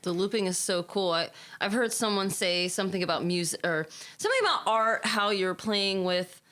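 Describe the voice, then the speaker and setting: A woman's voice: medium pitch, expressive, normal speed, a bit bright. A woman co-hosting an interview, speaking hesitantly with many fillers.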